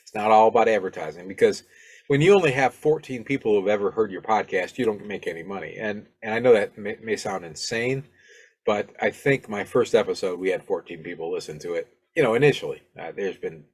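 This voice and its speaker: A middle-aged podcast host from Alabama speaks in a somewhat low voice. He talks casually and rambles, with lots of ums, uhs and restarted phrases. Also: brisk, a little mellow, husky. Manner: rambling, many fillers and restarts. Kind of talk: casual solo podcast talk.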